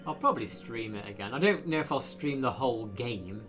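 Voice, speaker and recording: A man's voice: mid-range voice, animated, fairly quick, music in the background. A man chatting casually while live streaming a video game, rambling with lots of fillers. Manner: rambling, self-deprecating, frequent fillers.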